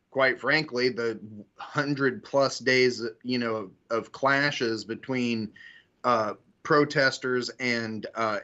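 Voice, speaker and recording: A man talking politics in a casual discussion, hesitating and restarting as he goes, padding his sentences with filler words. His voice sits at an ordinary middle pitch. The recording is dull and lo-fi. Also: sharp tone. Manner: halting, heavy with "you know" fillers. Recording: dull lo-fi audio.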